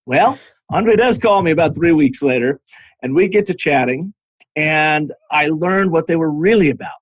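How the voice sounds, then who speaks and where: A man guest on a podcast, telling business anecdotes in a lively conversational way, now and then laughing. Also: a little high, moderate pace, dry recording. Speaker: podcast guest, storytelling strategist. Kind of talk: conversational storytelling.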